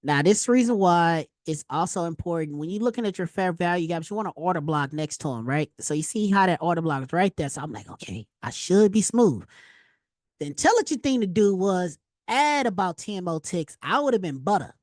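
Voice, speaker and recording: A woman teaching a casual trading lesson over a screen share, slangy and animated, telling stories with loud exclamations. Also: fairly low pitch, a little fast, dry recording, studio quality. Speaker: trading instructor.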